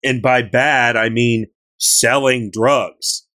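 A man chatting casually on a gaming podcast, retelling a story with animated, joking energy. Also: medium pitch, slow pace. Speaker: podcast co-host recapping a game.

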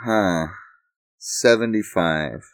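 A man's voice: deep voice, very slow, dry recording. A man trading teasing quips while answering quiz questions on a podcast. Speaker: podcast co-host. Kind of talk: casual podcast chat.

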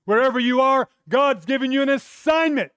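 A man preaching a sermon to a congregation, telling Bible stories with animated delivery and acting out quoted voices. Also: extremely high pitch, moderate pace, clear, resonant tone, no echo, clean studio sound.

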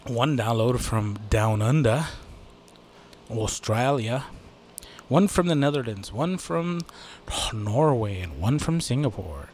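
A man's voice: medium pitch, expressive, a little slow, slight background noise. Rambling, profane man hosting a podcast. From United States. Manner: rambling, profane, self-deprecating, many fillers. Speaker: podcast host. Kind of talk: casual solo podcast chat.

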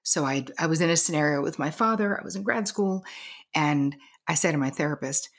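A middle-aged woman speaks with a husky, slightly low voice. She tells a personal story earnestly and with emphasis as a guest coach. At times she drops into a near-whisper to stress a point. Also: a little fast.

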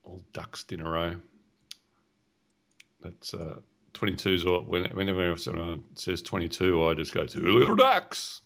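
A man co-hosting a podcast, teasing his partner in a dry, deadpan way. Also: low-pitched, measured pace. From Australia. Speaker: podcast co-host. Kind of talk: casual chat.

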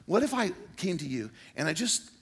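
A man's voice: high voice, very animated, moderate pace, fairly bright tone, slightly rough. An older man preaching a sermon as pastor, earnest and pleading, with sudden emphatic outbursts.

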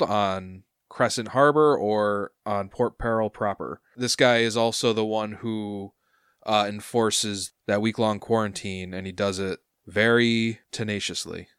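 A man's voice: lowish voice, clean tone, dry recording, clean studio sound. A man narrating a tabletop game as game master, rambling with lots of fillers.

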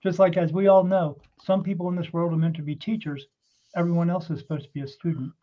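A man as a psychic guest in a casual interview, telling animated anecdotes and acting out what others said. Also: on the high side, fast talker. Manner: animated anecdote-telling, acts out quoted voices. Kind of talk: casual storytelling. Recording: muffled lo-fi sound.

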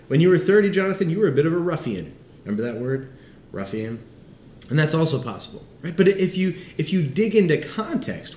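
A man in his thirties preaching a sermon as a pastor, in an animated, conversational way. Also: mid-range voice, reverberant, slight background noise. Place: city setting with background street noise.

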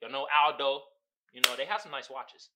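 A man hosting a podcast, riffing on memes in casual comedic commentary. He swears freely, laughs often and swings between loud whoops and low mutters. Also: expressive, moderate pace, very noisy. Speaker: podcast host.

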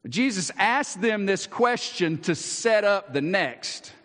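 A pastor with a Southern US accent preaches in a folksy, talky way, often repeating himself. His voice sits high and swings widely in pitch. The sound carries a long reverb from a large hall. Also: lively intonation, takes it slowly. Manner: folksy, drops into hushed asides and repeats words. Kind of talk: sermon.

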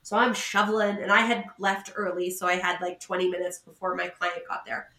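Animated self-mocking woman, bright and roomy. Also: on the low side, brisk. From Pacific Northwest. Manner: animated, self-mocking, laughs often, acts out quotes. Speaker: podcast co-host; salon owner. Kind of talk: casual storytelling chat.

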